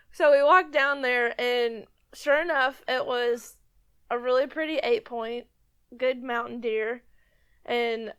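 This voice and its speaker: A woman retelling her own hunting story on a podcast, with frequent laughs and an animated manner. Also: high-pitched. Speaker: podcast guest and cohost. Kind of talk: casual storytelling chat.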